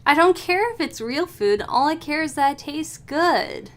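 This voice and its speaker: A woman's voice: sits high, animated, a little slow. Joking, foul-mouthed woman streamer. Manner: joking, swears casually. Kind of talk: casual let's play chat.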